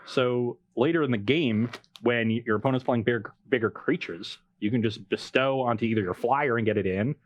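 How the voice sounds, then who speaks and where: A man talks fast, weighing his cards and deck choices in loose, friendly chat. The sound is dry and close. His pitch sits in the middle. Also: no echo, muffled recording. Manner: fast, thinking aloud with restarts. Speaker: card game player on a show. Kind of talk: casual banter while playing.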